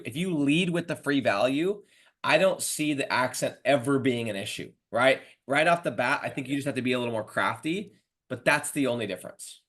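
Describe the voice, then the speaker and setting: A man hosting a casual podcast interview, talking in an animated, slangy way and calling his guest dude and bro. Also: mid-range voice, brisk. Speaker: podcast host and mentor.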